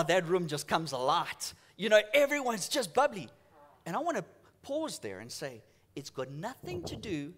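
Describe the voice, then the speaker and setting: Animated high-voiced preacher. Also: male voice. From South Africa. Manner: animated storytelling with acted-out voices. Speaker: pastor. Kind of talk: sermon. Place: church.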